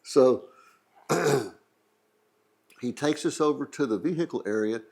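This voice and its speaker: A man's voice: medium pitch, a little slow, dark tone. A middle-aged man with a Texan accent, casually telling a rambling, joking travel anecdote as the host of a museum channel. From Texas. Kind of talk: casual storytelling.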